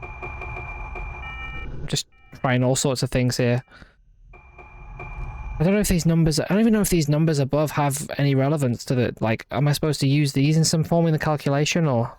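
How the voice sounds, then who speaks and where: A man streaming a horror game, thinking aloud through a puzzle with halting restarts and puzzled muttering. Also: on the high side, a little mellow, a little hiss or hum. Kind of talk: live gameplay commentary, thinking aloud.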